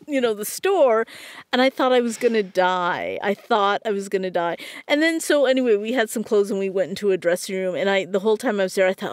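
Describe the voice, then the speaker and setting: A woman guest on a podcast interview, telling a personal story in an animated way and acting out what others said. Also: mid-range voice, brisk, dry recording. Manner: animated, acts out quotes in a lively way.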